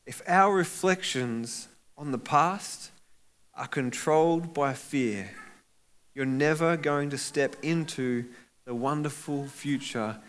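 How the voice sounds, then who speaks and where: A man preaching a sermon as pastor, animated and acting out voices of people in the story. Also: fairly high pitch, slow pace.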